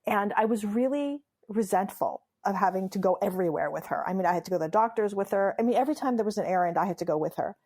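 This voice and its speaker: Gravelly woman telling funny stories. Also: mid-range voice, animated, fast talker, few pauses, a little mellow. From Iran. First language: Farsi. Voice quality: laughs often, playful emphatic delivery. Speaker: memoirist and humorist guest. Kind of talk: animated interview storytelling.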